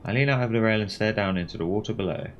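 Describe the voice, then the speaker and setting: A man streamer reading a text game aloud with wry, expressive delivery. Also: lowish voice, rapid-fire, highs cut off, slight background noise.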